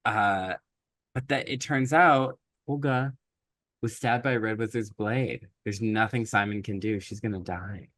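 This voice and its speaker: A man's voice: lowish voice, measured pace, no echo, clean studio sound. A man co-hosting a podcast, retelling a movie plot in casual, rambling chat, acting out characters' lines as he goes. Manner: rambling, animated retelling with acted quotes and frequent likes. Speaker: podcast co-host.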